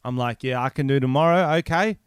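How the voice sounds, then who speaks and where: A man's voice: mid-range voice, a little fast, clear, resonant tone, no room sound, studio quality. A young man with a New Zealand accent, co-hosting a podcast and telling crude, rambling stories as a joking storyteller. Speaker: podcast co-host. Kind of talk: crude casual podcast banter.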